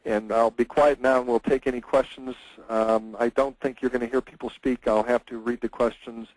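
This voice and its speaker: A man's voice: mid-range voice, flat delivery, moderate pace, a little mellow, no room sound, low-quality recording. A man, a lawyer presenting a webinar lecture, speaking conversationally with frequent "uh" and "um" fillers.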